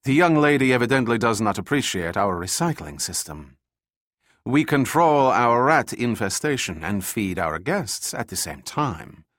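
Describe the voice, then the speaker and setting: A man's voice: medium pitch, very animated, a little slow, a bit bright, no room sound, clean studio sound. A man voicing a cruel, mocking male colonel with a European accent who commands a laboratory. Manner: sneering, lordly threats.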